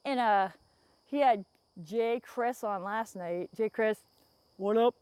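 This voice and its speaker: This American woman hosts a rambling outdoor livestream in the woods, talking into a phone earbud mic, reading viewer comments aloud and laughing often. Her voice is on the high side, slow, smooth, and a little mellow, and the recording is dry.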